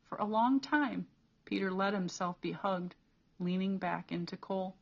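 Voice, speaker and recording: A woman reading a novel chapter aloud as an audiobook reader, with steady, clear storytelling. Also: medium pitch, moderate pace, dull audio.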